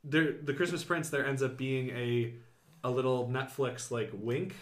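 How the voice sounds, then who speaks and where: A man's voice: medium pitch, steady tone, measured pace, echoey room. Chatty man hosting a casual chat. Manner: chatty, laughs while recounting. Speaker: podcast host.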